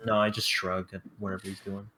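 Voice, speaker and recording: A relaxed man plays a tabletop game, dry in manner. His voice sits fairly low, with a faint hiss in the background. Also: fast talker. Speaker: player. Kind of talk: casual tabletop game play.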